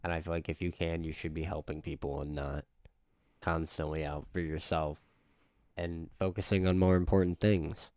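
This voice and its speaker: Male tabletop player, emphatic, low, dry sound. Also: flat delivery, normal speed, smooth, dry recording. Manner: emphatic, gets loud in character. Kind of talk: playing a character in a tabletop game.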